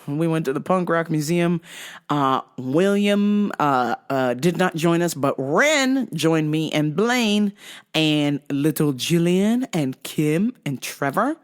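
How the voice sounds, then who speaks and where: Profane, animated woman telling stories. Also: low-pitched, a little slow. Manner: profane, animated, mimics sounds. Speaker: podcast host. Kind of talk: casual storytelling monologue.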